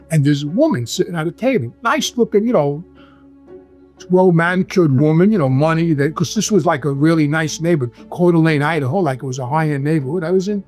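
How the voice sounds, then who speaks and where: Man, New York accent, slightly high voice, rambling storyteller, casual interview guest, faint background music. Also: darkish tone. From Brooklyn, New York. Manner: rambling, restarts, frequent "right?". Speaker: guest, former mobster.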